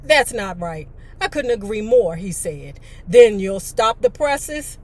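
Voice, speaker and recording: A woman's voice: medium pitch, big pitch swings, takes it slowly, a little mellow. A woman reading a memoir aloud, breaking in with chatty, blunt asides and mild cursing. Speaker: storyteller.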